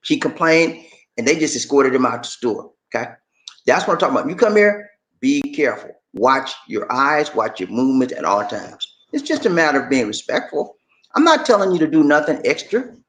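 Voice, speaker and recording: A man's voice: mid-range voice, sing-song, brisk, a bit bright, rough recording. A man talks loosely to his livestream viewers and keeps calling them y'all. His voice moves a lot, rising and falling as he talks. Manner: chatty, addresses viewers as y'all. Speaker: livestream host. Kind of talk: casual livestream talk.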